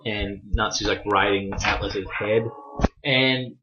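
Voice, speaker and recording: A man's voice: lowish voice, fairly even intonation, takes it slowly, lo-fi sound, background noise. A young man chatting casually through a manga chapter review, rambling, swearing freely and poking fun at himself.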